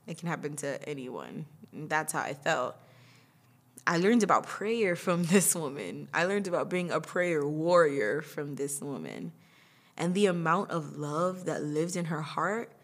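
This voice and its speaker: A young adult woman hosting her own podcast, talking casually about her year, chatty and quick to laugh. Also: sits low. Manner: chatty, laughs often, acts out quoted voices. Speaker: podcast host. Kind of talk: casual personal monologue.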